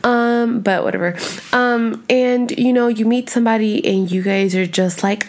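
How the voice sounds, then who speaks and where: A woman's voice: a little high, normal speed. A young woman hosting a podcast in casual chat, rambling and swearing often. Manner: rambling, chatty, cusses a lot. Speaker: podcast host.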